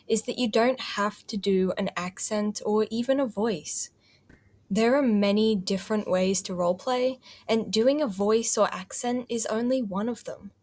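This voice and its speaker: A woman's voice: medium pitch, unhurried, darkish tone. A woman hosting a tutorial and explaining the basics of roleplay in a friendly, explanatory way. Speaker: host.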